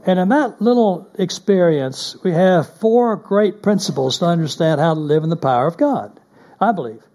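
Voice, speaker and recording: A pastor preaching a sermon, moving between loud emphatic stretches and hushed, near-whispered passages. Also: male voice, sits high, lively intonation, normal speed.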